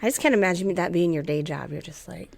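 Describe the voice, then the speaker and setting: Woman co-host, chatty and quick to laugh, casual talk. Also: fairly low pitch, creaky. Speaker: podcast co-host. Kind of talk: casual chat.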